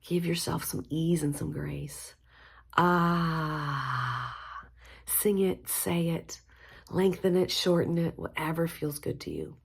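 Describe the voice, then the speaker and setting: A woman leading a guided mantra practice, speaking gently and encouragingly. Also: low-pitched, slow, creaky, slightly rough. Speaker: spiritual teacher.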